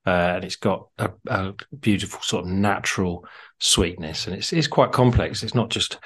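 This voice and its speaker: A man's voice: low voice, normal speed, breathy edge. Chatty man hosting a drinks podcast. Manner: chatty, enthusiastic, lots of fillers. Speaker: podcast co-host. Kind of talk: casual drinks podcast chat.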